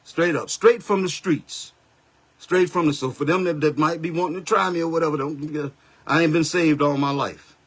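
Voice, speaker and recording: At a moderate pace, a pastor in his seventies speaks in a fairly high, breathy voice on his Facebook live. The stream comes through a phone or webcam, and he's heated, blunt, and confrontational in a street-style way.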